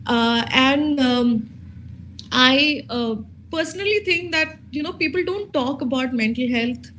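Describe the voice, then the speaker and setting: A woman in her thirties from India, candidly telling her own story as a panel speaker, halting often with fillers and restarts. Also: high-pitched, fairly bright tone, a little hiss or hum, rough recording. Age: 30s. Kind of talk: personal testimony at a conference.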